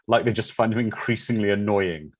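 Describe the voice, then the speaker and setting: A man's voice: fairly low pitch, brisk. A man hosting a live watch-party commentary, chatting casually and answering viewer comments.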